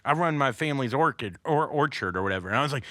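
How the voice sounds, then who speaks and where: A man tells a story in a quick, animated way, full of swearing and laughter, and slips into other people's voices as he goes. His voice is bright and forward, and the recording is close and dry. It sounds like a casual podcast between comedians. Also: mid-range voice, dry recording. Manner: animated, profane, acts out quoted voices, laughs often.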